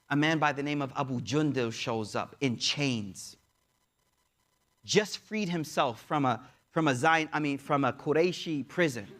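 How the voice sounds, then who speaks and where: A man teaching as he tells a story in a lecture, animated and speaking straight to his audience, acting out the voices. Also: sits high. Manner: animated, addresses audience directly, acts out voices. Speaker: Islamic teacher.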